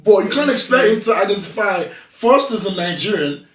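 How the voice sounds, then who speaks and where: Young guy on a chat show, emphatic storyteller, kinda high voice, roomy echo. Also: animated, fairly quick, background noise. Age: young adult. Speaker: guest. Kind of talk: casual chat. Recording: echoey room, mic at a distance.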